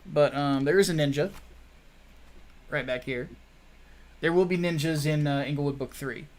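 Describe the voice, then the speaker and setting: A man co-hosting a casual show, talking about his comic project with relaxed pauses and fillers. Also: a little high. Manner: easygoing, hesitant fillers. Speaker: comic creator and co-host. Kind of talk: casual chat.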